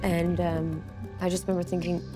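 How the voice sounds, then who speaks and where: A woman in a documentary interview, earnestly recounting a ghostly experience in a hushed, suspenseful way. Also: lowish voice, little pitch movement, normal speed, music in the background. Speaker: celebrity guest telling a ghost story.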